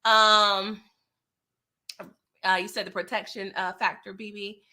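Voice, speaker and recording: A woman's voice: mid-range voice, level tone, slow pace, sharp tone. A woman hosting a casual TV recap, chatting playfully with viewers and acting out characters' lines. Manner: chats with live viewers. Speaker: TV recap host. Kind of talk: casual recap and review chat.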